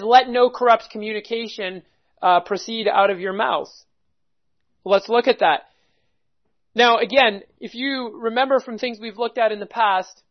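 A preacher teaching through a passage at a measured pace, breaking down each word and posing rhetorical questions. The voice sits in a middle pitch. The recording is dull and slightly muffled, with little high end. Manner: methodical, explains word by word, asks rhetorical questions. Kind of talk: expository Bible teaching sermon.

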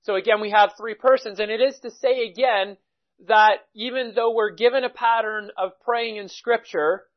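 A man preaching a sermon, teaching at a measured pace and reading scripture passages aloud. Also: high-pitched, fairly even intonation, highs cut off.

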